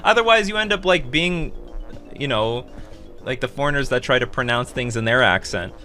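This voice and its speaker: A man's voice: medium pitch, animated, moderate pace, sharp tone, faint music behind. A man with a Canadian accent, chatting casually while streaming a card game, laughing often and swearing now and then. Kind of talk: casual gameplay commentary.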